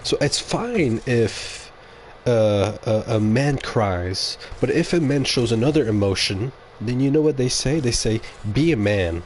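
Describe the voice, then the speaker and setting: A man's voice: mid-range voice, lively intonation, unhurried, a little hiss or hum. Rambling opinionated male streamer. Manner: rambling, opinionated, self-correcting. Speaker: game streamer. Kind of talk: casual livestream monologue.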